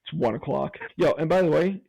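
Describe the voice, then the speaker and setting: A man's voice: on the high side, brisk, vocal fry, mellow, husky, no echo, rough recording. A man co-hosting a podcast in casual chat, telling stories with frequent laughter. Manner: storytelling, laughs often. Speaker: podcast co-host.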